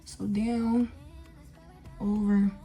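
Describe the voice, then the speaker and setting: A woman's voice: medium pitch, little pitch movement, drawn-out words, mellow, soft background music. A young woman chatting casually through a makeup tutorial, talking to viewers with lots of fillers as she works. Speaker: beauty vlogger.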